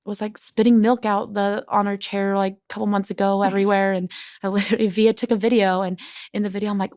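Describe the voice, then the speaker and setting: Gravelly young woman chatting. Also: medium pitch, fairly quick, dry recording, studio quality. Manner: chatty, peppered with "like"; animated when quoting her kids. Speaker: podcast guest. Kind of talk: casual chat.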